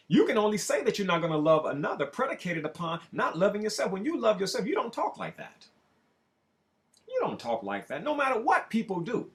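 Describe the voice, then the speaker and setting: A man giving a preachy self-help monologue, with slow drawn-out phrases that rise suddenly into loud emphasis. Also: mid-range voice. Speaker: spiritual self-help speaker.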